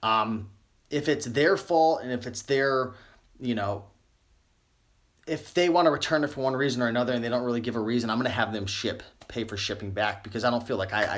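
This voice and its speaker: A man's voice: medium pitch, fairly bright tone, slight background noise. Young adult man, casual live-stream host, loose rambling delivery, slightly tired voice. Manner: rambling, many fillers and self-corrections. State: losing his voice. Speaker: online clothing reseller. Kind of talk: live-stream tips chat.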